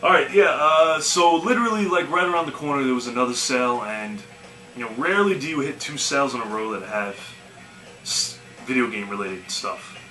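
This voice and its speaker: A man's voice: medium pitch, fairly quick, bright, forceful tone. A man casually telling yard-sale stories in a laid-back, rambling way. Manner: laid-back, lots of "you know" and "man". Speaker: video game collecting vlogger. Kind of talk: casual storytelling. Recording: echoey room with faint music.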